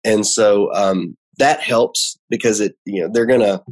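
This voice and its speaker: A man's voice: lowish voice, unhurried. A man speaking as a guest in a casual conversation, hesitant and full of restarts, explaining things like a teacher. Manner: hesitant, many restarts and fillers. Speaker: magician and guest.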